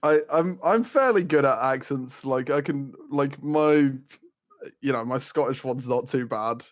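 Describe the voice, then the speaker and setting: A man's voice: mid-range voice, unhurried. A man joking around in casual podcast chat, swearing often and laughing a lot. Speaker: podcast co-host, tabletop game player.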